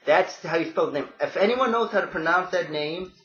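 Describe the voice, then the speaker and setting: A man casually walking viewers through comic book panels, excitable and calling them folks. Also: high-pitched, a little fast, roomy sound, dull audio. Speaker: comic book video host.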